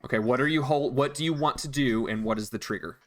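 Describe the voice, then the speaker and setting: A man's voice: medium pitch, fast talker. Guy running a dnd session, patient, talks players thru the rules. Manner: patient, explains rules, counts out movement. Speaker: dungeon master. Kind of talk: narrating a tabletop game.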